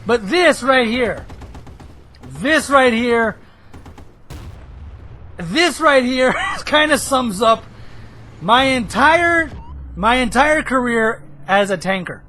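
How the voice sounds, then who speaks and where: A hoarse man giving rambling, excitable commentary over his own gameplay footage, now and then bursting into shouts. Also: very high-pitched, slow pace, pauses often, slight background noise, rough recording. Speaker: gameplay video host.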